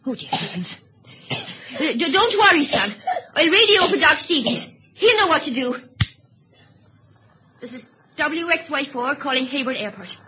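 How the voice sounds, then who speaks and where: A high-pitched mother, motherly and turning frantic. The old radio-drama recording is muffled, with a strong hiss behind it. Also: animated, normal speed, pauses often. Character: anxious frontier mother on a radio set. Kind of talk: vintage radio drama acting.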